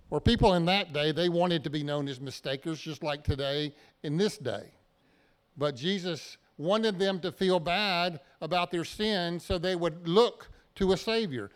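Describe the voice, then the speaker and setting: Male pastor, sermon in a church, conversational, ringing clear voice. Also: a little high, a little slow. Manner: conversational, plain everyday examples.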